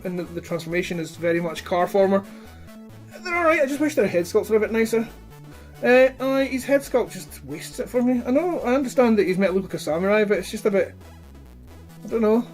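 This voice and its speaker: High-voiced man, swearing freely. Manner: rambling, blunt, swears freely. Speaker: toy collector reviewing his figures. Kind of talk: casual chat.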